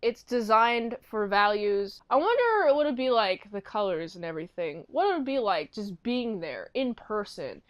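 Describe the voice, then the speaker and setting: A woman giving a casual recap and review of a TV episode, chatty and animated, often slipping into quick impressions of the characters. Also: medium pitch. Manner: animated retelling, acting out characters' lines; chatty, peppered with "like".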